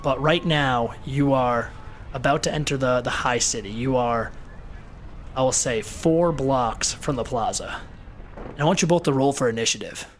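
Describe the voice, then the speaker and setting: A man's voice: mid-range voice, moderate pace, slight background noise. A man narrating as game master of a tabletop game, rambling and repeating words as he thinks.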